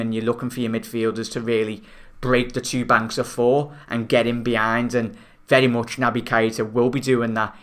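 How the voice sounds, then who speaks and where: Young scouse guy on a footy fan stream, calls everyone mate, bright clean voice. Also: mid-range voice, smooth. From Liverpool, England. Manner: chatty, calls viewers mate, passionate. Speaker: football fan channel host. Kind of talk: live-stream chat reading comments. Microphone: new desk microphone.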